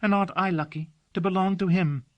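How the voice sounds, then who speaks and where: A man's voice: mid-range voice, animated, moderate pace, no room sound, highs cut off, voice pushed up, lightly acted. A man reading an audiobook, voicing a devoted young female servant who talks earnestly and dotingly. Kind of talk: audiobook character voice.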